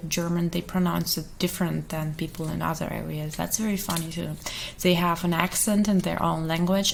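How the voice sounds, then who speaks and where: A woman whose first language is Russian, chatting in a soft ASMR voice, giggling often and rambling, sometimes whispering. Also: on the low side, gravelly, slight background noise, low-quality recording. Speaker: ASMR creator. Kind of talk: soft-spoken ASMR chat.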